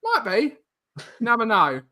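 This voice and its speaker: A man hosting a casual chat, telling jokey stories and reading out comments with quick restarts. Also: very high voice, wildly swooping pitch, pushed and bright. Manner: fast, joking storyteller with restarts. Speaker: podcast host.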